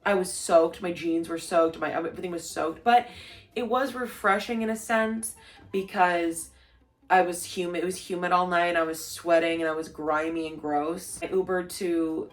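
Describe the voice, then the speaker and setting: A woman's voice: on the low side, steady tone, moderate pace. A young woman telling a story in a casual vlog, gushing and full of "like", acting out what people said. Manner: gushing, lots of "like", acts out quotes. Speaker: vlogger.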